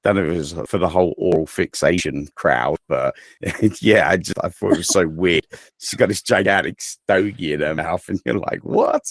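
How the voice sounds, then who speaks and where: A deep-voiced man in his forties with an English accent, his voice gravelly with fry. He co-hosts a podcast in a loose, joking style, often trailing off with "you know". The sound is close and dry. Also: moderate pace, dry recording. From England. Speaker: podcast co-host. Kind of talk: casual podcast chat.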